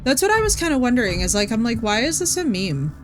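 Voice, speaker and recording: A woman's voice: a little high, big pitch swings, fast talker, soft background music. A woman from New Jersey chatting with her viewers by name during a live gaming stream. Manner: chatty, talks to chat by name.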